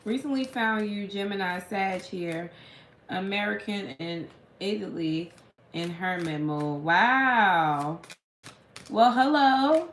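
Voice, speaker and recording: A woman's voice: lowish voice, takes it slowly, a bit bright. A woman tarot reader in casual late-night live chat, telling stories in a blunt, profane way. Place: room at home at night. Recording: echoey room with faint hum.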